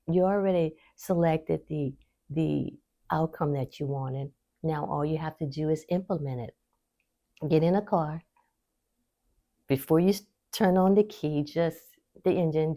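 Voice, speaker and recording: A woman hosting a faith-based wellness talk, speaking straight to her viewers in an encouraging, teaching way and laughing easily. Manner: warm encouraging teaching, lively pitch swings, laughs easily. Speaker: host.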